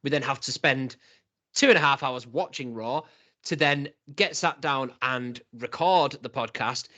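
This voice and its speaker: A man hosting a casual wrestling podcast, chatty and quick to laugh, acting out what people said. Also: medium pitch, pushed and bright. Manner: chatty, laughs often, reports scenes with quoted voices. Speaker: podcast host.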